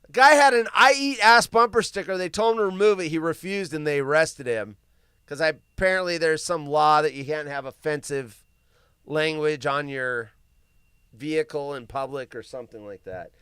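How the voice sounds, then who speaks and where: A man's voice: fairly high pitch, normal speed, sharp tone, smooth, no echo, studio quality. A man hosting a live show, chatting casually and reading odd news stories aloud with crude, rambling asides.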